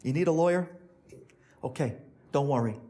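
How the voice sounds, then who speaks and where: A man's voice: normal speed, mellow. A man, a rabbi, telling a sermon story and acting out each character's voice. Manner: acts out characters with big pitch swings.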